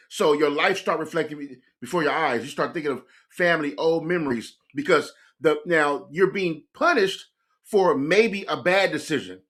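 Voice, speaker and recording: A man hosting a music reaction video, talking straight to his viewers in an excitable, laughing way. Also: fairly high pitch. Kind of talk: casual reaction commentary.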